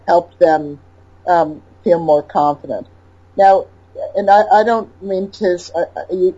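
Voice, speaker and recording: Lower-pitched woman host, emphatic storyteller; muffled audio. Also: slightly rough. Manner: animated storyteller, emphatic repetition. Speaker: interviewer, birth educator. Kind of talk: casual interview chat.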